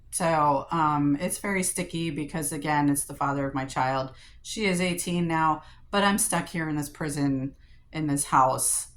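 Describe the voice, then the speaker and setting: A middle-aged woman with a low voice records a personal diary vlog. She vents in an upset, swear-filled way and keeps restarting her sentences with "um" and "like.". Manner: upset, profane venting with frequent fillers and restarts. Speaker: vlogger.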